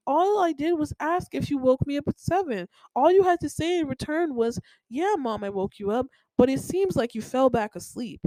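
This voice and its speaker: A whiny, protesting mother, her voice pitched well up and insisting she did nothing wrong, as a young woman puts her on in a podcast. The sound is close and dry, with no room around it. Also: warm tone, dry recording, close to an everyday voice, low-quality recording. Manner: whiny, protesting, self-justifying. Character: exasperated defensive middle-aged mother.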